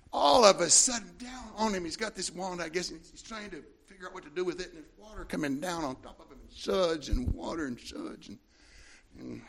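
A male preacher with a high, gravelly voice, spinning a story from the pulpit. He rambles, tossing in casual asides to the congregation as he goes. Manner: rambling anecdotal delivery with frequent "you know" asides. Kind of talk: sermon storytelling.

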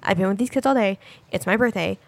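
A woman's voice: mid-range voice, fast, gravelly, dry recording. A woman in her thirties co-hosting a casual chat among moms, telling stories and acting out her children's voices. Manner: animated storyteller, acts out her kids' voices. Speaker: podcast co-host.

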